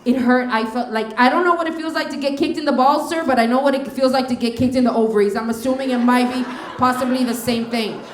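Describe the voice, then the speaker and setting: A woman's voice: high voice, quick pace, hardly any pauses, echoey room. A middle-aged woman from Texas doing a stand-up comedy set on a club stage, telling stories and acting out the dialogue. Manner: animated storytelling, acting out dialogue. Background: audience laughter.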